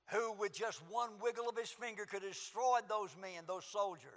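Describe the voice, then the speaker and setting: A man preaching a sermon in an auditorium, impassioned, swinging from hushed lines to shouts. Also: high-pitched, moderate pace, hardly any pauses. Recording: long hall reverb.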